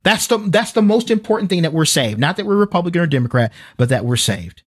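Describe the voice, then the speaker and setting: A man's voice: sits high, big pitch swings, fast talker, slightly rough, dry recording, studio quality. A man co-hosting a faith-based podcast, speaking earnestly and emphatically, often restarting and repeating words. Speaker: podcast co-host.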